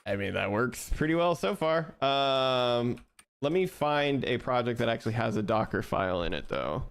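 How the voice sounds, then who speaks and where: A young man live-streaming as he codes, talking casually to his chat, laughing often and thinking out loud with restarts. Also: medium pitch, lively intonation, normal speed, clear, resonant tone.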